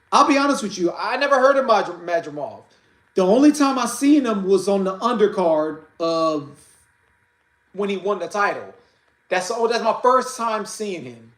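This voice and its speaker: A man hosting a casual boxing livestream, talking haltingly with many fillers and restarts and greeting viewers by name. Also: high-pitched, a bit bright, reverberant, poor audio. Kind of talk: casual live-stream talk.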